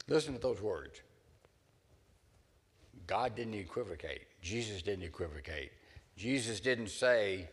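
A man's voice: lowish voice, unhurried, fairly bright tone, slightly rough. A man preaching a sermon as pastor, earnest, rising into dramatic scripture readings. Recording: long hall reverb.

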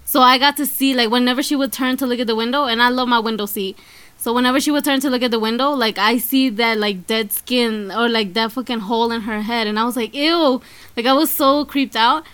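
A woman's voice: on the high side, steady tone, fast talker, fairly bright tone, smooth. A woman with a Brooklyn accent co-hosting a podcast, telling a story in a laid-back, slangy way. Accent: Brooklyn, New York. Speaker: podcast co-host. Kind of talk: casual podcast chat.

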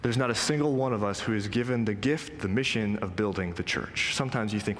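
A man preaching a sermon to a congregation, earnest and emphatic, slowing down to stress quoted lines. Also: on the low side. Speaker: pastor. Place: church sanctuary. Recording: long hall reverb.

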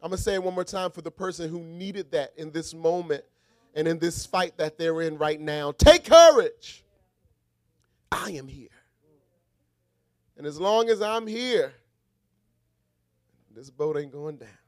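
High-voiced man preaching a sermon. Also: steady tone, normal speed, dry recording, studio quality. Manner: rhythmic call-and-response preaching, swings from shouted refrains to quiet asides.

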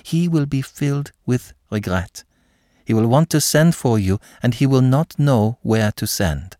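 A man voicing an earnest young woman who pleads eagerly and warmly for a friend. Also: medium pitch, expressive, a little slow, no room sound, studio quality, pitched above the performer's own voice, lightly acted.

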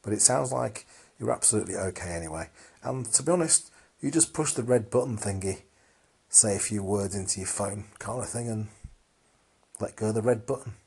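A man hosts a casual call-in chat, encouraging and playful with the callers. His voice is low and a bit husky. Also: fairly quick, a little mellow.

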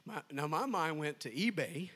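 A man preaching at a youth camp, moving between fiery shouted calls to the crowd and relaxed, joking stories. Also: a little high, normal speed. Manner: relaxed storytelling with jokes. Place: youth camp meeting room.

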